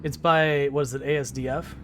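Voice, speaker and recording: A man's voice: mid-range voice, steady tone, a little fast, slight background noise. A man casually chatting with his live-stream viewers while driving in a game, rambling and laughing easily. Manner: talks to chat while driving.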